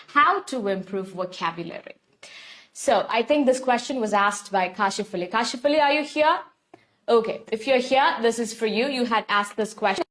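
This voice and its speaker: A woman's voice: mid-range voice, a bit bright. A young woman with an Indian English accent teaching an online English class, explaining steps at length and greeting viewers by name. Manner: repetitive, instructive, addresses viewers by name. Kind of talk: live online lesson.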